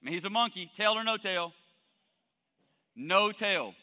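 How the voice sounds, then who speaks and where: Male pastor, high bright voice, joking sermon delivery, long church-hall reverb. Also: a little slow. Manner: energetic, joking with the congregation.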